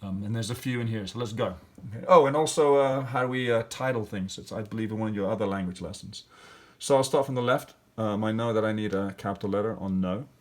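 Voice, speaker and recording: A man's voice: lowish voice, quick pace. A male teacher walking through grammar and spelling exercises step by step, thinking aloud with fillers. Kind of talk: classroom lesson walkthrough.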